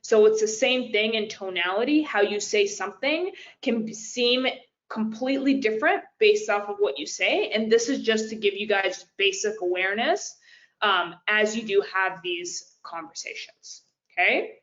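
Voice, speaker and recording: A business coach, a woman with a medium-pitched, slightly bright voice, speaks at normal speed during a live webinar. Casual and direct, she addresses "you guys" and uses lots of fillers, and the audio is lo-fi.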